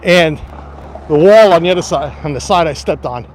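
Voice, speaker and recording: A man hosts a live-streamed walking tour past a quiet street and mansion grounds, chatting with viewers into a phone or camera on a tripod. His voice sits on the high side, animated and at a moderate pace, with a little hiss or hum in the audio.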